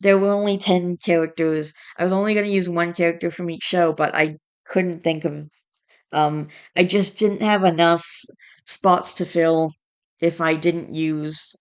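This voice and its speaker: A woman's voice: lowish voice, fairly even intonation, measured pace, smooth. A woman vlogging in a casual chat, stressed and tired, fighting back yawns and restarting her sentences as she rambles.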